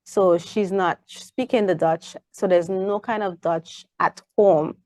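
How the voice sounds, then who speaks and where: A young woman with a Caribbean English accent, chatting as an interview guest and acting out lively stories about her daughter. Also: on the low side, slow, no room sound, studio quality. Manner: animated storyteller, acts out her child's voice. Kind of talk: casual interview chat.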